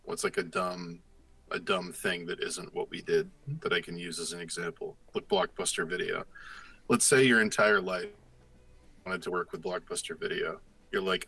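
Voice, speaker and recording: A young man with a low voice and a bright, forceful edge, chatting casually. He rambles through his story and acts out the dialogue in an animated way, with faint music under him. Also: brisk, poor audio. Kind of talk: casual chat.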